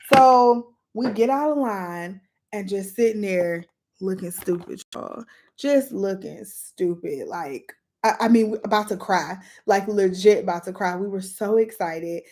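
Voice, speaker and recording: A woman chatting casually in a storytime vlog, retelling events in a lively way while doing her makeup. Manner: lively, animated retelling with sudden jumps in pitch and volume. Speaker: vlogger telling a story.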